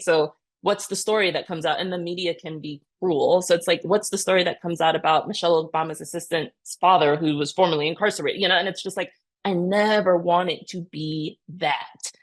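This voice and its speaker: Earnest, lower-pitched woman guest. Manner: earnest, animated retelling with many "you know" and "right?". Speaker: podcast guest. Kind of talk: conversational interview storytelling.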